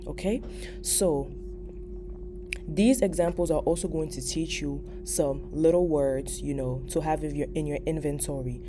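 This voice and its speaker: A woman giving a casual video language lesson, patiently repeating words slowly for learners. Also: on the low side, warm tone, a little hiss or hum. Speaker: language teacher.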